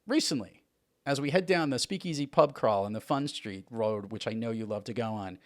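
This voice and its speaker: A man's voice: medium pitch, fairly quick. Male podcast host from New York, playful, stammery, mid-range voice. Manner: playful, restarts and stammers often. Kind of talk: casual interview chat.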